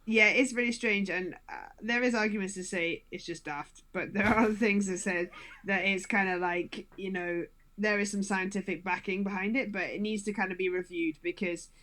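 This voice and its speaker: A woman's voice: mid-range voice, steady tone, moderate pace, fairly bright tone. A woman in her thirties from Scotland who speaks with a standard British accent, chatting casually as a podcast guest and laughing often. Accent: southern English, standard British. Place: home, during lockdown.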